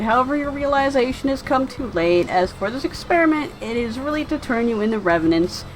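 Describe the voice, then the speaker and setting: A woman's voice: on the high side, natural voice, poor audio. A woman voicing a scheming, pompous male villain doctor who gloats with a theatrical laugh.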